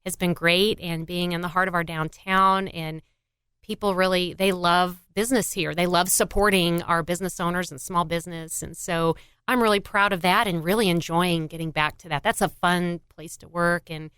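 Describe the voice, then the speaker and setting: Woman in her 50s from missouri, very smooth clear voice, lowish, chatting on a podcast, dry close mic. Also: fairly even intonation, normal speed, fairly bright tone, dry recording. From Missouri, USA. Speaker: guest, former mayor and shop owner. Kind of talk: casual podcast chat.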